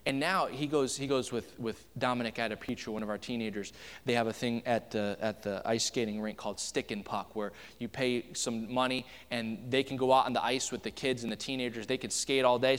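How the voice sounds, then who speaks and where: A man's voice: medium pitch, steady tone, brisk, fairly bright tone, smooth, long reverb tail. A man in his thirties, a pastor giving a conversational sermon full of family stories, with frequent restarts. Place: church sanctuary.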